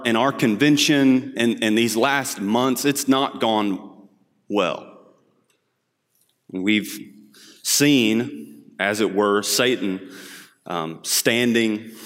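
A man's voice: fairly low pitch, a bit bright, big-room sound. A man preaching a sermon, opening in prayer and then telling stories in an earnest, conversational way with frequent fillers. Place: church sanctuary.

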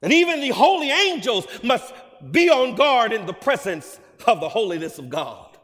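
An emphatic male preacher with a high voice, delivering a sermon that swells into loud, ringing declarations. The sound trails off in the long reverb of a large hall. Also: sing-song, moderate pace.

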